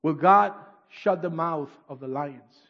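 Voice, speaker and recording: A man preaching a sermon and reading scripture aloud, swinging from shouts to near-whispers, with non-native English phrasing. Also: on the high side, measured pace. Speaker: pastor. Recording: dull echoey hall recording.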